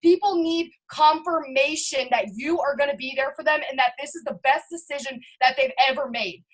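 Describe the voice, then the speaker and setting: A woman's voice: high-pitched, moderate pace, rough recording. A woman who leads a network marketing team gives a hyped, emphatic pep talk over a video call, talking straight to her listeners.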